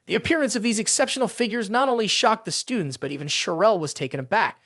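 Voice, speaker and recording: A narrator reading a recap of an animated fantasy story, voicing all the dialogue in the same narrating voice. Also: medium pitch, fast talker, no echo, studio quality.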